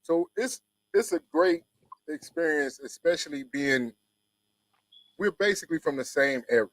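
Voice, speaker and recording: A man's voice: a little high, lively intonation, moderate pace, fairly bright tone, no room sound, low-quality recording. A man, hosting a casual interview in a laid-back, rambling way full of fillers. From Mississippi Delta, USA. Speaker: host.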